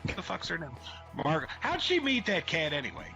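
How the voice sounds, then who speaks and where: A man's voice: a little high, wildly swooping pitch, fast, gravelly, pushed and bright, faint music behind. A man in his forties, a podcast co-host, trading jokey, profane banter and laughing often.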